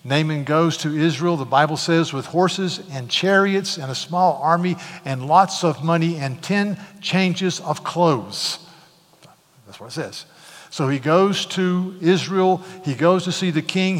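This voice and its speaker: Male pastor, storytelling sermon, casual asides, slightly high voice, long church reverb. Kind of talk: sermon retelling a scripture story. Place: church sanctuary.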